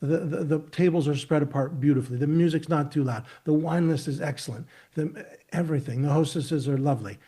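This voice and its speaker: This is a man in his fifties, talking as a guest over a video call. His voice sits a little high for a man and has a husky, breathy edge. He rambles through vivid, emphatic analogies and restarts his sentences often. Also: fairly quick, mellow. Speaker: market technician, interview guest. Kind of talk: expansive storytelling explanation.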